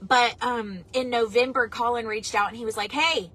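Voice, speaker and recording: A middle-aged singer hosts a livestream album listening party, chatting casually and reading viewer comments aloud. Her voice sits on the high side, with fairly even intonation, a moderate pace and a fairly bright tone, though the recording is rough.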